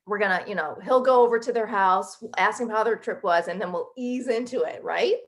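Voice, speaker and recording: Brief: woman in her 30s, interview guest, chatty emotional storyteller, mid-pitched voice. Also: a little fast. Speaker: guest author.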